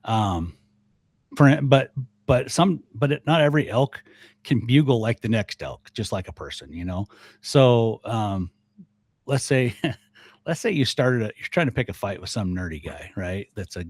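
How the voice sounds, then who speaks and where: An older man, a guest on a podcast, talking casually and lively, mimicking sounds as he explains. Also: fairly low pitch, unhurried, no room sound. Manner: animated, mimics elk bugles and voices. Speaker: guest, elk calling expert.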